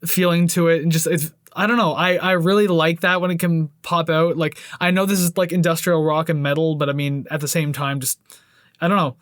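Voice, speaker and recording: A man's voice: on the high side, little pitch movement, a little fast, a bit bright, no echo, studio quality. A man co-hosting a casual music review podcast, rambling and laughing often with frequent restarts. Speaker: podcast co-host.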